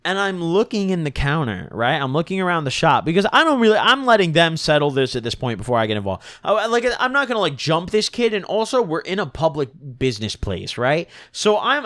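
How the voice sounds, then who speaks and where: A young man telling a storytime vlog in an animated, slangy and profane manner. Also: on the high side, a little fast, few pauses. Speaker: vlogger.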